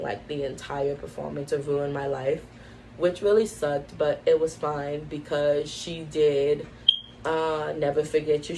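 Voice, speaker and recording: A woman's voice: deep voice, gravelly, warm tone, slight background noise, low-quality recording. A young woman vlogger telling a casual story at home, full of "like" and "um" fillers. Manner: chatty, lots of "like" and "um" fillers. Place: at home, indoors.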